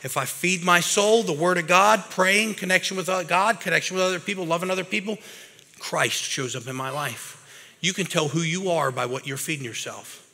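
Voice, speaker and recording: A man preaching a lively, casual sermon to a live audience, talking like a regular guy and calling people bro and man. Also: high voice, moderate pace. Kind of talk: energetic recovery-ministry sermon. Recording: reverberant hall.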